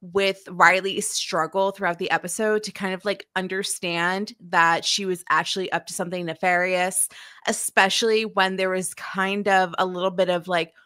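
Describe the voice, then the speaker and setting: A woman's voice: on the low side, little pitch movement, normal speed, sharp tone, clear, resonant tone, no echo, clean studio sound. A woman co-hosting a podcast, talking casually about a TV episode in a rambling way, full of "um" and "like". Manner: rambling, with many fillers like "um" and "like". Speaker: podcast co-host. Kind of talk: casual chat recapping a TV episode.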